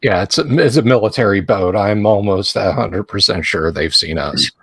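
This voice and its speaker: A man's voice: fairly low pitch, normal speed, vocal fry, fairly bright tone, breathy edge, no room sound. Joking male player on a dry mic. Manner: joking, chuckling asides. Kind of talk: casual tabletop game chat.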